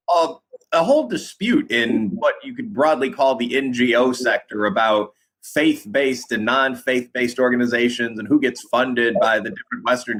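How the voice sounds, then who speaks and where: A man's voice: medium pitch, a bit bright, poor audio. A male interviewer on a remote call who asks hesitant questions and often restarts his words.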